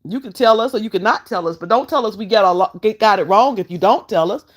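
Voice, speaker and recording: A woman's voice: mid-range voice, quick pace. A woman hosting a casual live stream, fussing at her guest and chatting to her viewers. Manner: sassy, fussing, talks straight to chat. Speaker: vlogger host.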